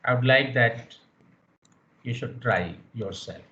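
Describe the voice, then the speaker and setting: A man's voice: medium pitch, slow, sharp tone, muffled recording. A man teaching a university language lecture online, explaining rules patiently and repeating the key points.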